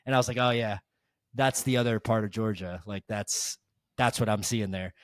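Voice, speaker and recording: A podcast guest tells a long story in casual chat, rambling with many restarts and fillers. His voice is lowish and a little fast, recorded at studio quality with no room sound.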